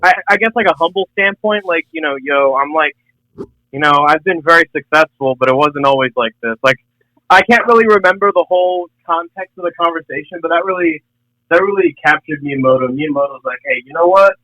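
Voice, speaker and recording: Bright, high-voiced young man joking. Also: brisk, dry recording, low-quality recording. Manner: jokey, full of "like" fillers. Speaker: podcast co-host. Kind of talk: casual chat.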